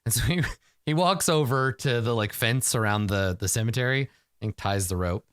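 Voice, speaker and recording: A man's voice: mid-range voice, moderate pace, a bit bright, clear, resonant tone, no echo, studio quality. A man narrating a tabletop game as game master, telling the story with fillers and laughs.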